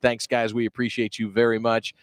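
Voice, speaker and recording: A male radio host at a live stadium club event, interviewing former players. He talks at a quick clip and keeps things upbeat, teasing his guests and jumping in often. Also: mid-range voice, completely flat delivery, no echo.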